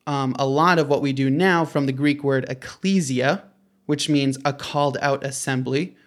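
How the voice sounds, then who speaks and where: A man's voice: medium pitch, moderate pace. A man co-hosting a casual podcast, joking around playfully while explaining. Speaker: podcast co-host.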